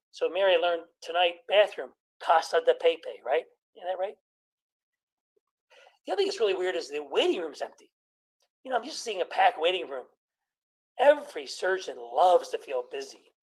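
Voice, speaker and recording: A middle-aged man, a doctor, doing a stand-up comedy routine, telling deadpan jokes and putting on quick voices of patients. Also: fairly high pitch, poor audio. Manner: deadpan joke delivery with put-on patient voices.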